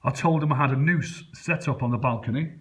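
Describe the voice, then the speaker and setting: A man, talking to camera from his flat in a low, rambling, conspiratorial way. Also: a little fast. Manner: low muttering, conspiratorial, points around his flat as he talks. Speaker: vlogger. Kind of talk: rambling first-person account to camera. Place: his home, a flat indoors.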